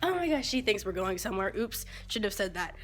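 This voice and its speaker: A woman filming a casual unboxing vlog on her phone, excitedly talking to her pets. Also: medium pitch, fast, very noisy. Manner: excitable, squealing baby talk to her pets. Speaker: vlogger with a service dog. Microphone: phone camera.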